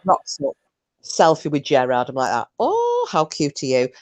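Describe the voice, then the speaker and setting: A woman co-hosting a casual chat, telling a story with animated delivery and plenty of swearing. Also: sits low, moderate pace. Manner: animated, swearing, shrieking when acting out herself. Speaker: co-host.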